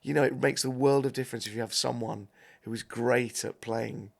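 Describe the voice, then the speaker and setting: A man's voice: mid-range voice, steady tone, a little fast, vocal fry. A middle-aged man, chatting casually as a podcast guest, rambling and self-deprecating. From South East London. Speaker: podcast guest, comedic actor. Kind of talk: casual chat.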